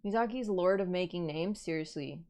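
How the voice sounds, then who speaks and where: A woman YouTuber giving excited, rambling reaction commentary, swinging between loud gushing and hushed murmurs. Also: fairly low pitch, fairly quick. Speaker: YouTuber reacting to a game trailer.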